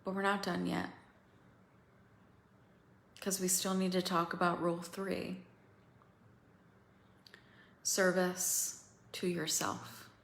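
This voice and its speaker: A woman coaching other women through a feeling practice, slow and pausing, candid and swearing now and then. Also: lowish voice, level tone, fairly bright tone, echoey room. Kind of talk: guided emotional coaching talk.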